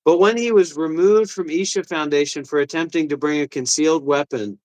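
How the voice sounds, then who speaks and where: A man's voice: on the high side, a little fast, a little mellow, poor audio. A man co-hosting a livestream, ranting and mocking in casual chat. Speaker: livestream co-host.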